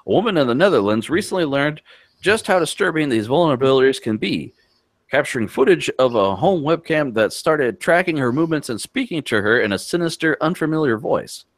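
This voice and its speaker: A man's voice: on the high side, lively intonation, a little fast, no echo. A man co-hosting a casual tech podcast, reading news stories aloud and cracking jokes between them. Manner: reads news items aloud with asides and jokes.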